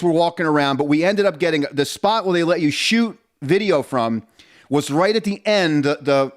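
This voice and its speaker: A man co-hosting a casual podcast from his home basement, telling rambling, joking stories. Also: fairly high pitch. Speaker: podcast co-host. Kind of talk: casual chat.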